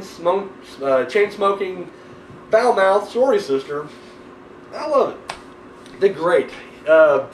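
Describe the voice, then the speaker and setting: A young man reviewing horror movies in a rambling, excitable, profane way, swearing constantly. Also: a little high, a little hiss or hum. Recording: echoey room, mic at a distance.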